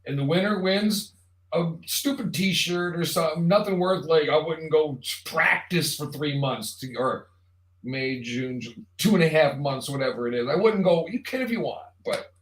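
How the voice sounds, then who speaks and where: A man's voice: a little high, moderate pace. A man hosting a live online show, talking casually in a rambling, jokey monologue straight to the viewer. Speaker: show host. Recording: roomy echo.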